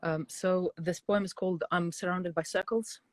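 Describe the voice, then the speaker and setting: A woman's voice: fairly low pitch, fairly even intonation, no room sound. Hesitant woman reading her own poems. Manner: hesitant, many pauses and fillers. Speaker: guest poet. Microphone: video call.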